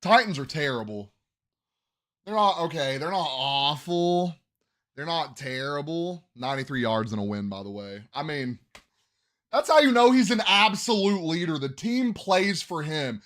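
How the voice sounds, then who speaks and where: Animated man ranting about football. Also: on the high side, measured pace. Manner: animated, swings between yelling hype and muttering asides; coughs when yelling. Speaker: podcast host. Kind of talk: casual sports commentary.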